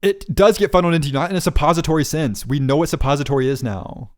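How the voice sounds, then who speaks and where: A man's voice: on the high side, fast. A young man co-hosting a podcast, bantering casually and joking around. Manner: joking, playful. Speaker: podcast co-host.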